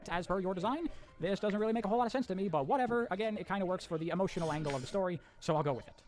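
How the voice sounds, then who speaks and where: A man briskly recapping a game's story with blunt, sarcastic commentary and casual swearing. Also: sits high, darkish tone, soft background music. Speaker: video essayist narrating a story recap.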